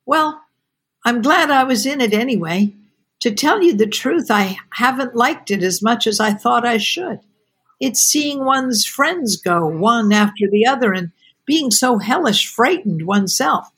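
A woman's voice: on the high side, animated, a little slow, fairly bright tone, slightly rough, heavily acted. A woman voicing a young male soldier, boyish and eager, read from a novel. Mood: weak. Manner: eager, boyish, later weak and tired.

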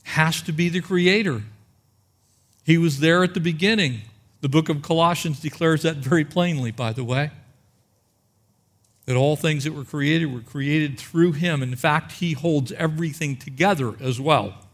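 Man preaching with rhetorical questions. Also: on the high side. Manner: expository preaching, rhetorical questions, slows for emphasis. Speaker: pastor. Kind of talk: sermon.

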